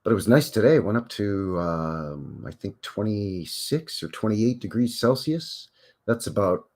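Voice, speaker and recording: A Canadian man hosts a rambling live stream, chatting with viewers in a folksy, conversational manner packed with fillers and asides. His voice sits on the low side, animated and a little mellow, at a normal speed.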